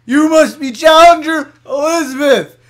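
A man voicing a shrill, overly formal greeter in a video game. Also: measured pace.

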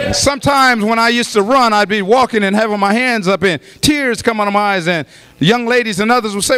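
A man in his late fifties, a pastor preaching a sermon in church, with rhythmic repeated lines that build to shouts. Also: high voice, brisk, smooth. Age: 50s. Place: church sanctuary.

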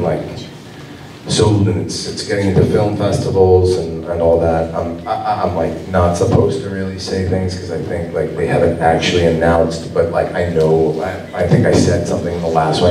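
A man's voice: low-pitched, dark tone, slight background noise. A man on a convention panel as an actor guest, talking casually and rambling with lots of fillers and restarts. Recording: roomy hall sound from far off.

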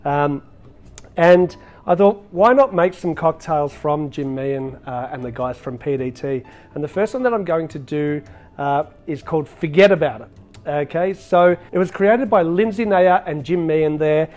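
Chatty upbeat male bartender, slightly high voice. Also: normal speed, a little mellow. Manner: chatty, upbeat, with frequent filler words. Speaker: bartender and show host. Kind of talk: casual cocktail demonstration.

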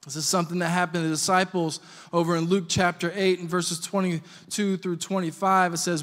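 A man's voice: sits high, flat delivery, brisk, fairly bright tone, big-room sound. A man preaching a sermon as a pastor, conversational and joking as he tells stories. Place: church sanctuary.

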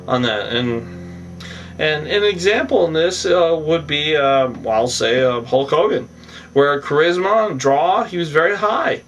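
A man's voice: on the high side, expressive, normal speed, a bit bright, recorded from a distance, soft background music. Rambling man recapping, a bit off-mic. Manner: rambling, frequent filler "on that"; chuckles often, opinionated asides. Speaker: show recapper. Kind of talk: casual recap monologue.

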